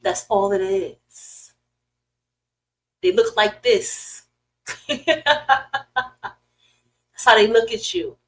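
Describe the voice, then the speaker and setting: A middle-aged woman hosting a podcast, ranting in casual, profane commentary with sudden loud swings and a dry throat. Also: mid-range voice, lively intonation, drawn-out words, pauses often, low-quality recording. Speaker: podcast host.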